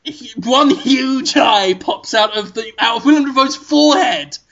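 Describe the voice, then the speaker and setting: A man improvising an absurd comedic story in a rambling, deadpan way, full of "like" and "um", on a muffled recording. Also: very high voice, a little slow, creaky.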